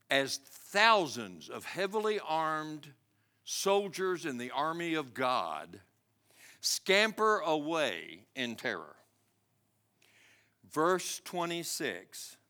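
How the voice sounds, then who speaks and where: Brief: male pastor, high bright voice, slow dramatic sermon delivery. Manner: dramatic storytelling, swinging between loud and hushed.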